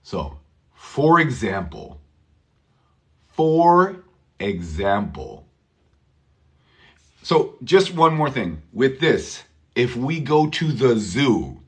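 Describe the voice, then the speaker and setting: Slow, lively male English teacher. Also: fairly low pitch. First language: Spanish. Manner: slow, repeats words for learners. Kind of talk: live online pronunciation lesson.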